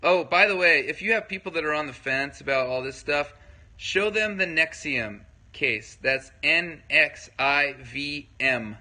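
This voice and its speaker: A man with a voice on the high side, lively intonation, and a bright, forceful tone talks a little slowly, heard on a rough recording. Hosting a casual livestream, he addresses viewers loosely and answers their comments. He rambles, uses lots of fillers, and repeatedly checks in with his audience.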